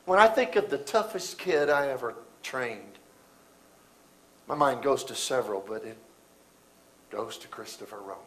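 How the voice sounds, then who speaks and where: A middle-aged man preaching a sermon, telling a story that swings between loud bursts and hushed, quiet moments. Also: on the high side, expressive, unhurried, rough recording.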